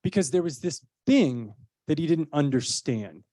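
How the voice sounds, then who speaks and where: A man's voice: a little high, animated, unhurried, dark tone, no echo. Earnest man speaking persuasively, dry sound. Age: adult parent of a young child. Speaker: actor speaking as a child-safety advocate. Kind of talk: earnest public speech with personal storytelling.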